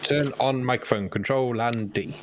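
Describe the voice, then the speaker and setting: A man's voice: mid-range voice, moderate pace, background noise. A man hosting a live poker stream, chatting casually and explaining things step by step. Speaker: host and poker dealer.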